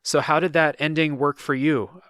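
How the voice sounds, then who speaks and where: Speaking at a normal pace in a slightly high, clean voice, this man hosts a podcast and loosely recounts a game's plot, peppering his easygoing storytelling with "like" and other filler words. It sounds like a studio recording with no echo.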